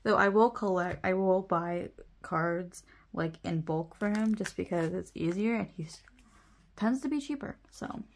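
Chatty young woman with a gravelly edge. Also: fairly low pitch, unhurried. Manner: rambling, laughs often, self-correcting. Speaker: vlogger sorting photocards. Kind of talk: casual chat.

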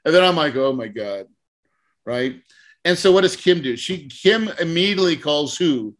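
A man's voice: fairly high pitch, animated, normal speed, fairly bright tone. A man hosting a podcast interview, telling a story with animation, acting out conversations and laughing often. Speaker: podcast host and real estate mentor.

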